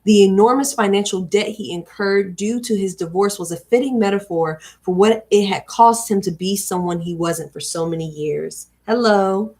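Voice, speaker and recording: A woman hosting a livestream where she reads a book aloud and breaks off for chatty personal asides. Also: mid-range voice. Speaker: host reading books aloud on a livestream. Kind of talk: reading aloud with casual commentary.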